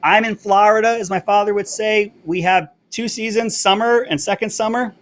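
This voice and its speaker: A man hosting a live political commentary stream, brash and fast-talking, pushing his merch between topics. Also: high-pitched, fairly even intonation. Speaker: show host. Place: Florida.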